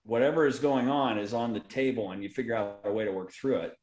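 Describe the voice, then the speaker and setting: A man's voice: mid-range voice, fast, darkish tone, slight background noise. A podcast host with an ordinary mid-range male voice, chatting casually and cheering on his guest with enthusiasm. The recording carries a noticeable echo from the room around him. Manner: enthusiastic, affirming. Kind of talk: casual interview chat.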